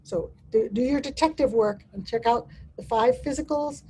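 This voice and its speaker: A woman's voice: on the high side, moderate pace, mellow, breathy edge, poor audio. A woman presenting a dementia care training webinar over a video call, often speaking in first person as someone living with dementia, with frequent restarts.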